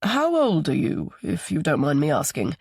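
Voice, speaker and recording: A man voicing a kind, regretful older grandfather who speaks gently and politely. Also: a little high, huge pitch swings, normal speed, creaky, breathy edge, no room sound, studio quality, exaggerated voice. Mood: gentle.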